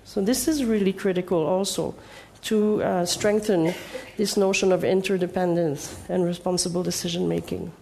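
Woman, educator, mellow warm voice, steady explaining. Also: on the low side, normal speed, creaky, hardly any pauses, a little hiss or hum. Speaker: educator presenting. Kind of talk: presentation talk.

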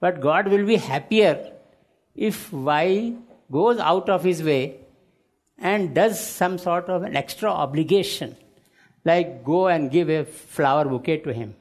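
Slow, measured man explaining. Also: on the high side. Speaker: panelist. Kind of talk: explanatory panel talk.

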